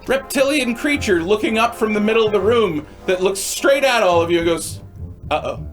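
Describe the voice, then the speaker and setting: A man's voice: high-pitched, fairly quick, soft background music. A man narrating a tabletop game as game master, playful and tripping over his words.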